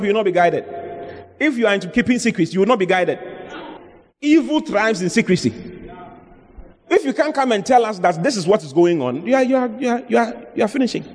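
A male pastor preaching a sermon, emphatic, repeating his phrases for stress. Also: high-pitched. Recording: long hall reverb.

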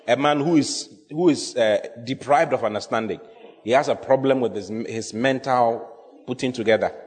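A pastor preaching a sermon, emphatic and repetitive, often quizzing the congregation. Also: male voice, medium pitch. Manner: emphatic, repeats key phrases, asks the congregation questions. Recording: long hall reverb.

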